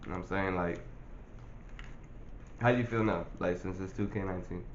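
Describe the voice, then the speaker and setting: A man's voice: low voice, steady tone, fairly quick, lo-fi sound, a little hiss or hum. Laid-back, profane young man vlogging. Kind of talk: casual vlog chat.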